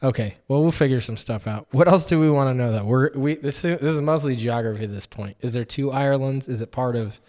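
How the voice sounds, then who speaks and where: A man's voice: medium pitch, fairly quick, few pauses, a little mellow, long reverb tail. A man co-hosting a podcast in casual chat, joking with friends and reading food lists aloud. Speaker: podcast co-host.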